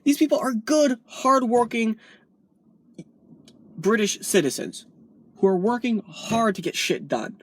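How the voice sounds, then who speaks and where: A woman's voice: mid-range voice, dry recording, studio quality. A woman vlogger delivering a heated, profane political rant, from the United States.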